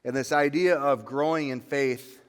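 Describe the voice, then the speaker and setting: A male pastor preaching a sermon, building to loud, emphatic peaks on dramatic lines. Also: medium pitch, steady tone, moderate pace, smooth. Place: church sanctuary. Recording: long church reverb.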